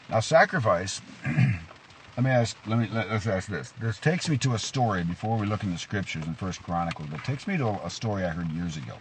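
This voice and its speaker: A man with a low voice gives a casual devotional talk outdoors and tells stories to make his points. His pitch swings widely as he poses questions. Faint rain patters in the background. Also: slight background noise. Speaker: preacher.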